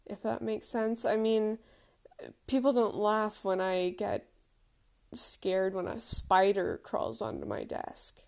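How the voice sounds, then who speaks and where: A woman's voice: medium pitch, level tone, slow, vocal fry, darkish tone. A woman in her thirties telling a candid, reflective personal story with self-deprecating humour.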